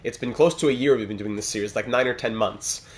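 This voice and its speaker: A man's voice: medium pitch, quick pace. A man hosts a live gaming stream from his computer at home, speaking in a mid-range, ordinary voice. He keeps an upbeat, chatty tone as he welcomes viewers one by one and responds to their comments. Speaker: live-stream host of a hockey video game series. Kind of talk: casual pre-stream chat, greeting viewers and reading live comments.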